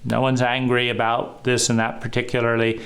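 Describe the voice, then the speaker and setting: A man giving a reflective solo talk on trauma, measured and pausing often. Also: mid-range voice, monotone, fairly bright tone. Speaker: trauma educator.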